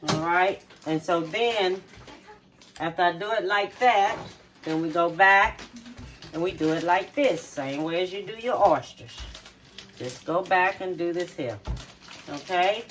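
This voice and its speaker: A middle-aged woman, home cook and host of a channel, demonstrates a dish casually in her kitchen in a lowish, slightly bright voice at a measured pace. She's homey, repeats the steps and checks in with "okay?"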